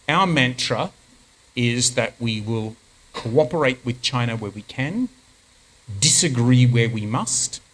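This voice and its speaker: A man with an Australian accent lays out policy in a measured, deliberate way. He speaks plainly and firmly, with his voice sitting at an ordinary middle pitch. He sounds like a diplomat taking questions at a conference. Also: poor audio. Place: conference hall.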